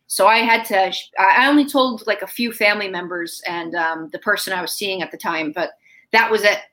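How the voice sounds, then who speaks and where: A woman being interviewed, telling a family story in a lively, chatty way and acting out the quoted lines. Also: medium pitch, brisk, low-quality recording. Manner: animated, acts out quoted dialogue.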